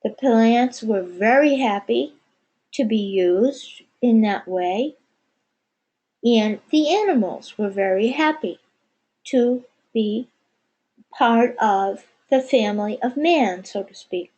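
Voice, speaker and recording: A woman giving a spiritual channeling session, speaking as "we" in a measured way with many pauses. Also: on the high side, a little mellow, husky, rough recording. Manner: measured, pausing often, speaks as "we". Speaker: channeler answering questions. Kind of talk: slow meditative spiritual channeling.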